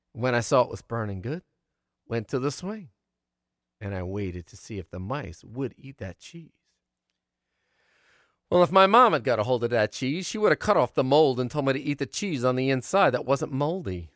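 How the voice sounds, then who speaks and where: A man telling a homespun childhood story in an animated way, with sound effects and character voices. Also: mid-range voice, no room sound, clean studio sound. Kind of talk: oral storytelling for an audience.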